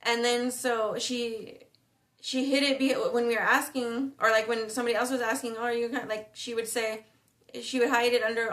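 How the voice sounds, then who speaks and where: A woman's voice: fairly high pitch, fairly even intonation, normal speed, a bit bright. A woman telling a personal story in a casual, rambling way, full of slang, fillers and restarts. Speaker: spiritual vlogger.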